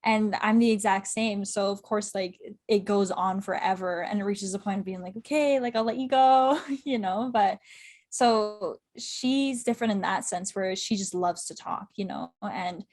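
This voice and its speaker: A young woman talking as a podcast guest, at a mid pitch for a woman. She rambles eagerly in casual interview chat, peppering her talk with "like" and breaking into laughter. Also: a little mellow. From Canada. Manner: chatty, quick, laughs often, heavy use of "like". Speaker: podcast guest, club correspondent.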